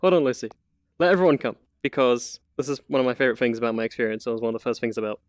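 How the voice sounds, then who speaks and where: Racing along in a mid-range voice with no room sound, a man shows off a VR apartment he built during a live stream. As the community manager, he chats loosely, packs in fillers, and laughs frequently.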